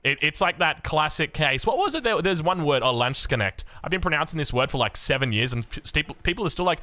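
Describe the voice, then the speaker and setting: An Australian man casts a strategy game with hyped, joking energy. His voice sits a bit high and bright, and his pitch leaps around in lively swoops. It is quick-witted esports play-by-play. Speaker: game caster.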